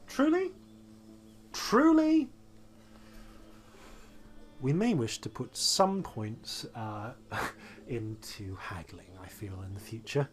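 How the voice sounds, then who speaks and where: A man's voice: medium pitch, a little hiss or hum. A man hosting a let's play, giving casual gameplay commentary in a dry, wry, muttering way.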